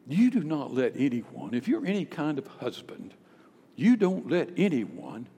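A man preaching a sermon as pastor, emphatic, climbing to loud peaks on key phrases. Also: a little high, wildly swooping pitch, a little slow, breathy edge. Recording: long hall reverb.

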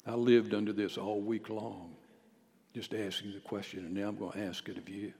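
Guy preaching, goes hushed then shouts, long echo from the church hall. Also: lowish voice, fairly even intonation, normal speed. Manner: dynamic preaching, swings from quiet to shouting. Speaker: pastor. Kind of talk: sermon. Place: church sanctuary.

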